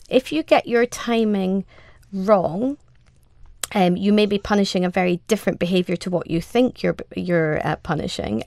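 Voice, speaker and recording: A woman who is a cat behaviour expert, calmly explaining training in an interview, step by step with examples. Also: on the low side, vocal fry, dry recording.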